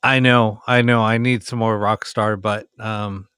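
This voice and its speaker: A man's voice: on the low side, level tone, measured pace, sharp tone, clean tone, dry recording, clean studio sound. A man hosting a late-night ghost box livestream, talking casually with many ums and sounding tired.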